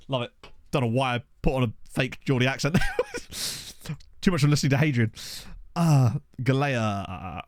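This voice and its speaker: A male streamer talks through a game in a chatty, thinking-aloud way and swears casually. His middle-pitched voice rises and falls in a lively way. He sounds close and dry on a desk mic. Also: unhurried, dry recording. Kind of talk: live-streamed game commentary. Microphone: desk condenser microphone.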